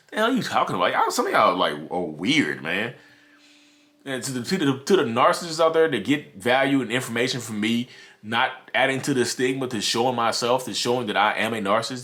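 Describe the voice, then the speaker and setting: A man's voice: lowish voice, fairly bright tone. A man hosting a podcast, delivering a heated, repetitive rant straight at his listeners. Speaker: podcast host. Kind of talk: ranting monologue.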